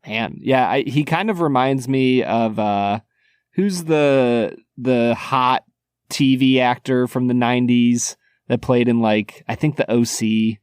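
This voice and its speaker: A man's voice: mid-range voice, takes it slowly, a little mellow, smooth, no echo, studio quality. A man co-hosting a podcast, chatting casually about films in a teasing tone and laughing often. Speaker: podcast co-host. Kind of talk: casual film chat.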